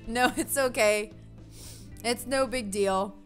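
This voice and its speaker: Giggly woman streaming a game, bright voice, reads the text out, faint music under. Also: on the high side. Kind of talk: let's play commentary.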